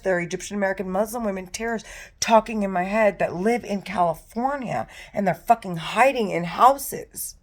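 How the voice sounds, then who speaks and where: A distressed woman giving an angry, profane, repetitive monologue to camera, recorded at home in her condo. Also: medium pitch. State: distressed and agitated. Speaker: vlogger.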